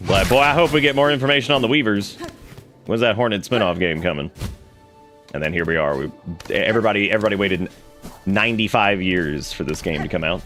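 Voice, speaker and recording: Rambling man with a low voice. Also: a little fast, music in the background. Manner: rambling, laughing storyteller with many restarts. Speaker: game streamer and voice actor. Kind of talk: casual gameplay commentary.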